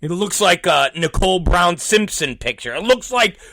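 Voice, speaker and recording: A man in his fifties hosting a podcast, telling rambling, profane stories in a casual, animated way. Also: high-pitched, moderate pace, gravelly, dry recording. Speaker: podcast host. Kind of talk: casual storytelling monologue.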